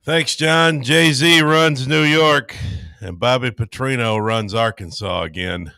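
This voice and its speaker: A man's voice: mid-range voice, takes it slowly, gravelly, pushed and bright, clean tone, no room sound, clean studio sound. A man co-hosting a sports radio show, reading the headlines with wry asides. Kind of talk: radio news headline read.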